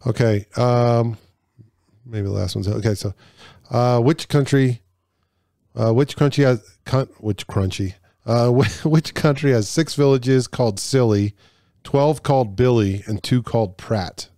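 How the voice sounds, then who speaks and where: A man's voice: mid-range voice, measured pace, warm tone, no echo, studio quality. A man hosting a casual podcast, reading trivia questions aloud in a loose, joking way with stumbles and swearing.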